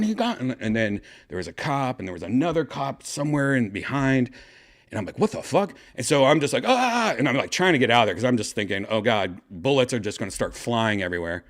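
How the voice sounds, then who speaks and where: A man hosting a podcast, casually telling a story with excitement and swearing, acting out his own shouts. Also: mid-range voice. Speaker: podcast host.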